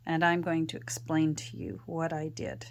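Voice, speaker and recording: A woman's voice: sits low, expressive, moderate pace, vocal fry. A Canadian woman from Ontario chatting casually while she crafts, rambling with fillers and self-corrections, her voice still a little off after a sore throat. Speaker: crafter and channel host. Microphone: own external microphone.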